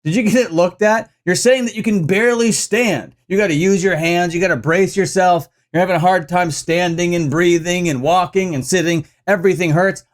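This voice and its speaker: Brief: male vlog commentator, sarcastic and needling, higher voice. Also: fairly quick, hardly any pauses. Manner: sarcastic, mock-confrontational.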